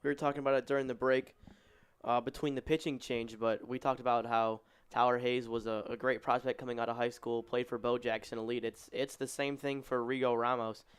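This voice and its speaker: Flat-toned baseball color commentator. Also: male voice, mid-range voice, fairly quick, clean tone. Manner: conversational, adds background and analysis.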